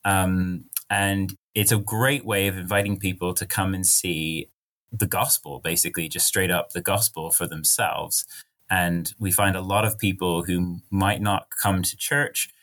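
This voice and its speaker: Brief: young pastor, low voice, American accent with British traces, earnest guest on a chat podcast. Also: male voice, steady tone, a little slow, a bit bright. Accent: mid-Atlantic, American with British traces. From rural Virginia, US. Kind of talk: casual podcast conversation.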